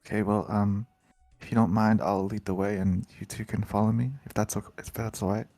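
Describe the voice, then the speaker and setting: A man playing a tabletop role-playing game, working out his moves hesitantly with plenty of fillers. His voice sits on the low side and the sound is dry and close. Faint music hums underneath. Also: level tone, a little fast, warm tone, no room sound. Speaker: player.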